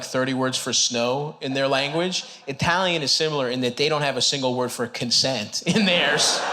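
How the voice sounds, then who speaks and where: A man's voice: mid-range voice, noisy background. Laughing stand-up comic man on stage. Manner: conversational, breaks into laughter, punches up lines with sudden loud jumps. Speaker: stand-up comedian. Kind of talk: stand-up comedy set. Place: comedy club stage before a live audience.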